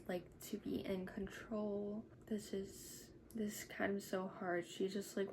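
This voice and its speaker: A woman's voice: medium pitch, vocal fry. A woman recapping a novel chapter by chapter in a chatty, casual way, full of "like" fillers. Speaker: book reviewer. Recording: noticeable background noise.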